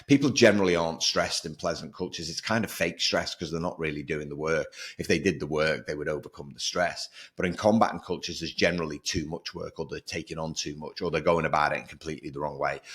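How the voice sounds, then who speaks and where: Very deep-voiced man hosting a podcast. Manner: energetic, emphatic, repeats for stress. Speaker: podcast host. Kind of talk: solo podcast monologue.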